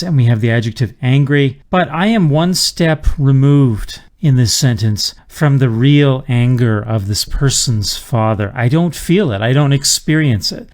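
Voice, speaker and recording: A man teaching a writing lesson in an explanatory manner, reading example sentences aloud. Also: medium pitch. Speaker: writing instructor. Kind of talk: lecture on writing.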